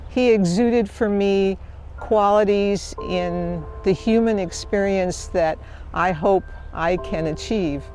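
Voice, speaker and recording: A woman's voice: mid-range voice, slow pace, a little mellow, soft background music. A woman who served as a doctor, reflecting hesitantly and searching for words. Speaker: doctor recalling a patient. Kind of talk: reflective testimony.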